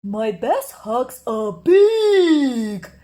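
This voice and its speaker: A woman's voice: high voice, very animated, very slow, warm tone, exaggerated voice. A woman voicing a whimpering bear cub. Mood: pleading. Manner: whimpering, pleading. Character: young male bear cub, needy, sniffly and whiny. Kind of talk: storybook read-aloud.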